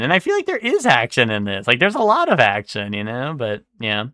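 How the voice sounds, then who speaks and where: Bright-voiced young man streaming. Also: medium pitch, huge pitch swings, a little fast, few pauses, no echo, clean studio sound. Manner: casual, swearing, thinking aloud while guessing. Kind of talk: casual live-stream commentary.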